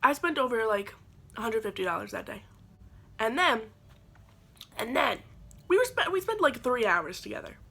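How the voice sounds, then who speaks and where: A woman in her twenties telling a dating story to camera, animated and sarcastic, acting out her own quoted lines. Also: fairly high pitch, moderate pace, gravelly, pauses often, husky. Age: 20s. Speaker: vlogger. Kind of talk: storytelling vlog.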